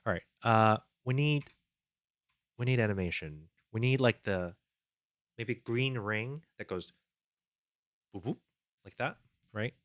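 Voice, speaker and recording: A lowish voice with lively intonation moves at a measured pace with long pauses, a bit bright and dry. While coding his game on a live stream, he talks to himself through problems and casually reads and thanks his chat, close to the desk mic.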